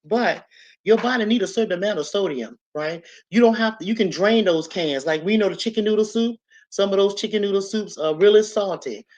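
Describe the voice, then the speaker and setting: A woman's voice: medium pitch, fairly quick, a little mellow. A woman hosting a casual instructional vlog, chatty and repetitive, often checking in with "okay?" and "right?". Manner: chatty, repeats herself, asks "okay?" and "right?". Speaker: channel host. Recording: slightly dull lo-fi audio.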